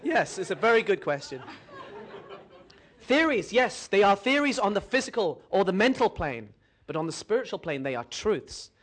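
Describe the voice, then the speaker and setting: A man's voice: high-pitched, very animated, normal speed, fairly bright tone, a faint crowd. A man playing a pompous spiritual master who lectures his disciple in grand, vague terms. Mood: lofty. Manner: sermonizing, lofty and self-assured. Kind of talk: comedy sketch acting.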